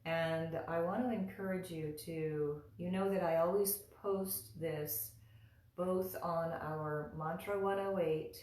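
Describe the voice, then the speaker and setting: A woman teaching mantra pronunciation in a live online lesson, patiently repeating each syllable slowly for her students to practice. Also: sits low, darkish tone, reverberant, a little hiss or hum.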